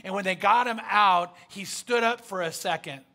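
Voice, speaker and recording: A man's voice: sits high, moderate pace, pushed and bright. A man preaching a sermon, telling a story in an emphatic, conversational way with frequent fillers. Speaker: pastor.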